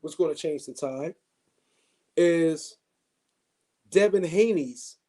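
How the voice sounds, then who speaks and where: Guy running a boxing live stream, kinda high mellow voice, lots of ums. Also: takes it slowly. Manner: loose, chatty, many fillers and restarts.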